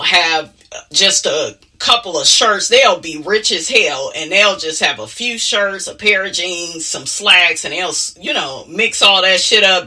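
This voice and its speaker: A sassy woman recapping reality TV in a casual, outspoken way, her pitch swinging widely as she talks. Her voice is bright but a little husky, and she sits slightly back from the mic. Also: far from the mic. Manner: sassy and outspoken, with many asides of "honey" and "okay?". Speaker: reality TV commentator.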